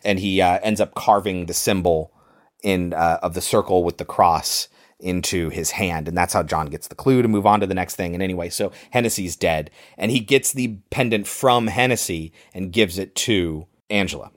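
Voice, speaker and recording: Guy on a podcast recapping a movie scene by scene, kinda low voice. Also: moderate pace. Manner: retells scenes in detail, acts out quoted lines. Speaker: podcast host. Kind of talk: casual film recap.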